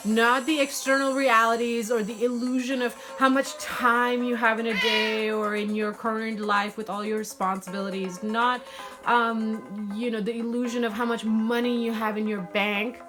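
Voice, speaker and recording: A woman's voice: on the high side, flat delivery, normal speed. A woman giving a live tarot reading in an earnest, spiritual way, often checking in with "okay?" and greeting her chat viewers. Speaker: tarot reader. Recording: music playing behind.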